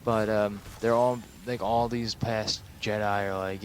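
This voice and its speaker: A man's voice: on the low side, little pitch movement, unhurried, a little hiss or hum. Rambling, profane young man, sleep-deprived. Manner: rambling and profane, with many fillers. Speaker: film reviewer. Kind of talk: casual rambling recap.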